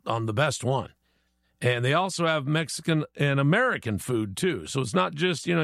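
A man's voice: on the high side, gravelly, a bit bright, no room sound, studio quality. A man hosting a casual morning show, folksy and chatty, plugging local spots and telling a joke of the day. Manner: folksy, chatty, laughs easily. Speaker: radio show host.

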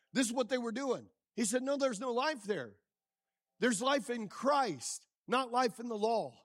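A male pastor preaching a sermon with lively call-and-response, quizzing the congregation as he goes. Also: very high voice, dry recording, studio quality. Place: church.

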